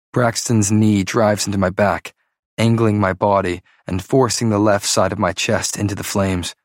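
Brief: low-pitched male narrator, tense dramatic first-person read, dry booth sound. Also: dry recording. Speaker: audiobook narrator.

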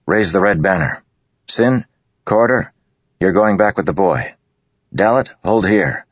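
A man's voice: sits low, expressive, measured pace, slightly rough, no echo, highs cut off, voice pushed up, full character voice. A man voicing a stern young squad leader. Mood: commanding. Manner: clipped, firm orders.

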